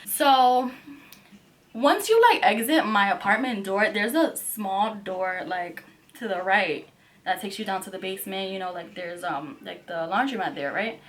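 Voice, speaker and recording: A young woman vlogger telling a storytime tale in a profane, animated way, saying "like" constantly. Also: medium pitch, unhurried. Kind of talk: storytime vlog.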